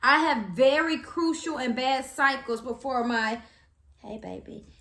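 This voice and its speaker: A young woman, telling a story to camera in a chatty, animated way, with slang and acted-out quotes. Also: high-pitched, unhurried, reverberant. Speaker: vlogger.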